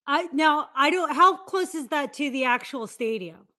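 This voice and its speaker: High-voiced chatty woman co-host. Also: animated, normal speed, pushed and bright. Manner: rambling, laughing, trailing off. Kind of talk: casual chat.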